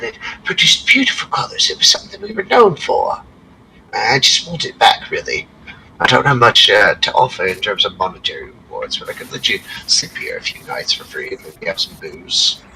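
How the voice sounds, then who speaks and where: A man's voice: medium pitch, very animated, moderate pace, creaky, sharp tone, voice pushed up, full character voice. A man voicing a brusque, scolding woman innkeeper in a tabletop game. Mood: worried. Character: stern, sharp-tongued woman innkeeper. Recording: distant mic, faint background noise.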